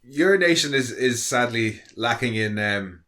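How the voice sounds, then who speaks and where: Guy, bright forceful tone, teasing film chat. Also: medium pitch, animated, measured pace. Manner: chatty, teasing, chuckles. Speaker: podcast co-host. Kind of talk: casual chat.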